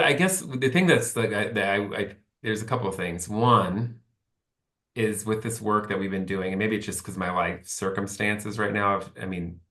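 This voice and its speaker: A man's voice: on the low side, fairly bright tone. Candid rambling man, echoey room. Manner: rambling and candid, acts out quoted speech. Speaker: podcast guest. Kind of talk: casual conversation.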